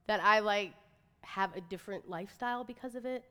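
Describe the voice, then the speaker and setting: A woman's voice: mid-range voice, brisk, clear, resonant tone. A woman in her thirties giving a chatty, inspirational talk to an audience, with lots of "like" and "right?". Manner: chatty, animated, says "like" and "right?" often. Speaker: motivational speaker. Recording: reverberant hall.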